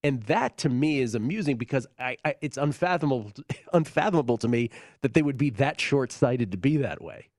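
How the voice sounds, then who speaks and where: A man hosting a sports betting talk show, chatting casually in the studio with a quick, animated delivery and frequent laughs. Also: medium pitch, dry recording. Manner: lively, quick, laughs often.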